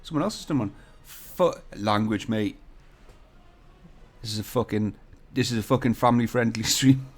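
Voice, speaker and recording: A man's voice: on the low side, normal speed, faint music behind. Chatty man streaming live. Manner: chatty, jokey, swears casually, talks to viewers. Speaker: CAD tutorial livestream host. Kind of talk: casual livestream chat. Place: hotel room. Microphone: desk mic without shock mount or pop filter.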